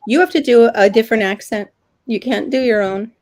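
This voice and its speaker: A woman's voice: fairly high pitch, a little fast, darkish tone. A middle-aged woman co-hosting a livestream, chatting casually with rambling asides and frequent laughs. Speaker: livestream co-host. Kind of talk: casual chat.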